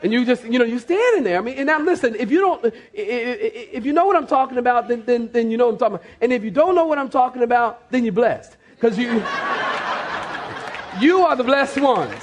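Animated high-voiced male pastor preaching. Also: fairly quick, a faint crowd. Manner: animated, acts out scenes with mock voices, repeats phrases. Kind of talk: sermon.

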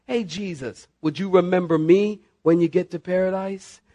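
A rough-spoken thief hanging on a cross talks in plain, casual street language, as a preacher acts him out. The voice sits fairly high for a man. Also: steady tone, moderate pace, dark tone, dull audio, lightly acted. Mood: pleading. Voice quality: casual street-talk manner. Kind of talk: preacher acting out a Bible story.

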